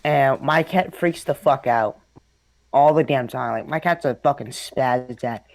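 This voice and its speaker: A man's voice: mid-range voice, measured pace, creaky, dry recording. A young man casually telling a spooky childhood story, rambling, swearing a lot and laughing often. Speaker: host.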